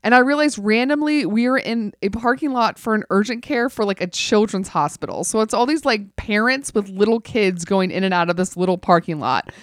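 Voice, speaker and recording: A woman's voice: mid-range voice, a little fast, hardly any pauses, no echo. Casual host, woman, chatty and wry, packs her talk with fillers, dry close sound. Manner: chatty, animated, many "like" fillers; wry, laughs through the telling. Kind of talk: casual chat storytelling.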